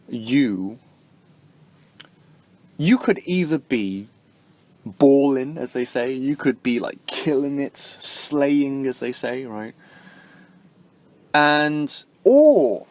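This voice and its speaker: A man vlogging about spirituality in a casual, rambling way, tagging "right?" onto his points and jumping up in pitch for emphasis. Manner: rambling, heavy use of fillers like "like" and "right?"; swings sharply up in pitch and loudness to stress points. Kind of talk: casual spoken explanation to camera.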